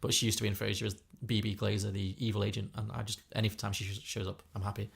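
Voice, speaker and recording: Fast-talking gravelly British man. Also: lowish voice, level tone. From Britain. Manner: chatty, opinionated, many restarts. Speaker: podcast co-host. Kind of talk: casual film review chat.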